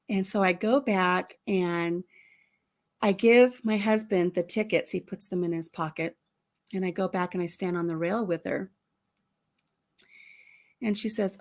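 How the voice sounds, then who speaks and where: A woman's voice: on the low side, steady tone, normal speed, darkish tone. An older woman and grandmother chatting casually to her viewers, telling a family story in a rambling way with frequent restarts. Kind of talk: casual chat.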